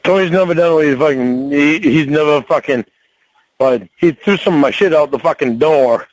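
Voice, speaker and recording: A man's voice: a little high, normal speed, no echo, rough recording. A man who drives trucks, arguing at home, swearing constantly and stumbling over his words. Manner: profane, rambling, stumbling restarts. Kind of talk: heated domestic argument.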